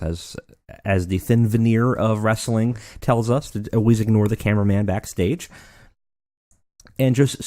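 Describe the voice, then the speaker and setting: Low-voiced man with rambling commentary. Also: no echo. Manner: relaxed, rambling, filler-heavy narration. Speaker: let's play host. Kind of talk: casual game commentary.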